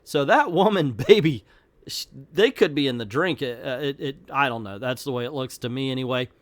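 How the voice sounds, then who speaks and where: A man's voice: mid-range voice, fairly quick, dry recording. A man casually reviewing an old comic book, rambling with self-deprecating asides.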